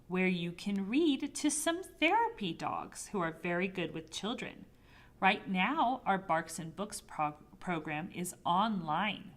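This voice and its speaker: Expressive woman reading a picture book aloud. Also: medium pitch. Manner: expressive read-aloud with swooping emphasis. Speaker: children's librarian.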